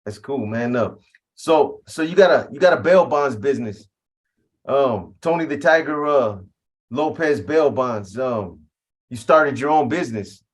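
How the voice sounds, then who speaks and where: A man interviewing a guest, asking short, relaxed questions and giving brief affirmations. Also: medium pitch, unhurried. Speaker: podcast interviewer. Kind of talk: casual interview.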